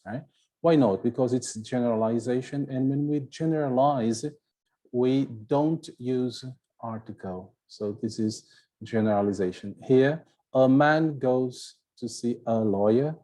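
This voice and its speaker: A man's voice: medium pitch, mellow. A man with a Brazilian Portuguese accent, a native Portuguese speaker, teaching an English video lesson and often checking in with "right?" and "okay?". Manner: explaining slowly, with frequent "right?" and "okay?" checks.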